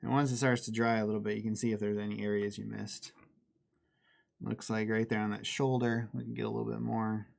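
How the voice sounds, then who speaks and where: Male streamer, casual tutorial delivery, self-deprecating, gravelly edge. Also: fairly low pitch, flat delivery, a little fast. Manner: chatty, self-deprecating, laughs easily. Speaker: miniature painting streamer. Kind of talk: casual live painting tutorial.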